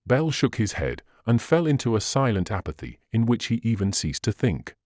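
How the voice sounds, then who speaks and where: A man narrating a classic adventure novel as an audiobook reader, in an expressive, measured way. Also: on the low side, no room sound, clean studio sound. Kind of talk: scripted narration.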